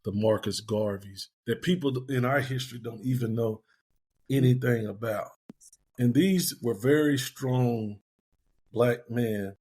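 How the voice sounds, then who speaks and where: A man's voice: mid-range voice, darkish tone, slightly rough. An older man speaking as a guest on a podcast panel, reflective and plain-spoken, calling himself a pessimist. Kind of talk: panel discussion.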